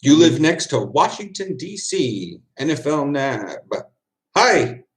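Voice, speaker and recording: A man who plays football, chatting casually on a livestream and answering viewer comments. He rambles in a relaxed way, with quick asides and frequent laughs. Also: fairly high pitch.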